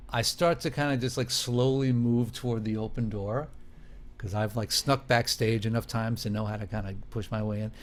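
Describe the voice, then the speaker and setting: A man in casual conversation on a podcast, telling lively stories and acting out the people in them. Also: mid-range voice, slight background noise. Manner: animated storyteller who acts out quoted voices. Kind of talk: casual chat.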